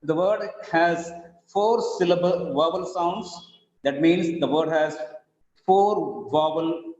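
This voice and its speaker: A man teaching over slides, explaining slowly and repeating his examples. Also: fairly high pitch, a little mellow. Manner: slow, repetitive explaining with spelled-out examples. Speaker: English teacher. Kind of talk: recorded lecture over slides. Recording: echoey, dull lo-fi room recording.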